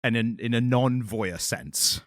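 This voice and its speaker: A man's voice: mid-range voice, a little slow, no room sound, clean studio sound. A man co-hosting a comics podcast in casual chat, rambling with restarts and laughing often. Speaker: podcast co-host.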